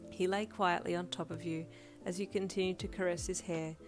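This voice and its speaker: A woman reading second-person romance fan fiction as narrator, with a steady storytelling delivery. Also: on the low side, a little fast. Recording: lofi music playing underneath. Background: lofi beat.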